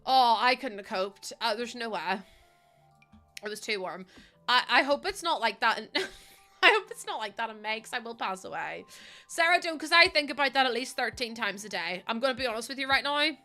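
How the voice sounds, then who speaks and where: A woman's voice: fairly high pitch, expressive, a little fast, bright, forceful tone, soft background music. A young woman chatting casually to her live chat as a streamer, laughing often and filling with "like". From United Kingdom.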